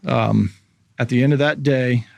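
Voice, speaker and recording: A man around forty, a former baseball pitcher, telling a story as a podcast guest and acting out the voices of people in it. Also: measured pace, gravelly, dry recording. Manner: animated storyteller, acts out quoted voices. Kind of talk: casual storytelling interview.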